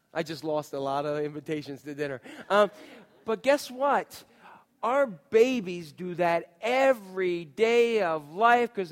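A male pastor preaches in a reverberant church, and his fairly high voice rings through the long hall echo. He tells stories with energy and slips into little acted voices. He talks straight to the congregation. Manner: animated storytelling, acts out voices and shouts. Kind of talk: sermon. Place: church sanctuary.

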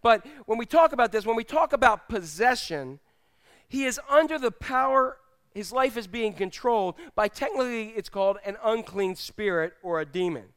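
A man's voice: high-pitched, a bit bright, clear, resonant tone. A male pastor preaching a conversational sermon, speaking directly to his congregation. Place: church.

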